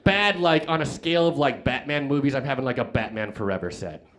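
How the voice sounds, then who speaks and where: A man's voice: mid-range voice, brisk, fairly bright tone. Rambling young male stand-up comedian. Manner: rambling, self-deprecating storytelling with frequent "like" and restarts. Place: comedy club stage with live audience.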